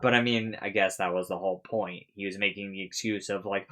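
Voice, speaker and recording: A man's voice: sits low, steady tone, fairly quick, hardly any pauses, bright, forceful tone. A man giving a casual recap of a TV episode, rambling with lots of fillers, swearing freely and laughing at his own jokes. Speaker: reaction video host.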